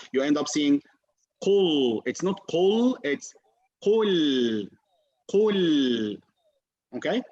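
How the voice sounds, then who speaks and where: A male teacher giving an online class, patiently repeating sounds slowly for his students to copy. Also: mid-range voice. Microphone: video call. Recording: dull lo-fi video call audio.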